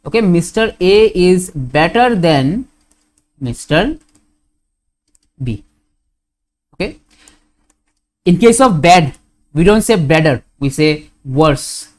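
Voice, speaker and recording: Very animated yet a little mellow, a man with a high voice and an Indian English accent works through a grammar lesson. His delivery is slow and repetitive, and he regularly asks questions that he then answers himself.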